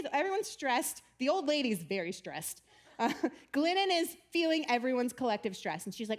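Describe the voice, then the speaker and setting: A woman giving a chatty, animated storytelling talk about faith, often laughing as she speaks. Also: sits high, normal speed.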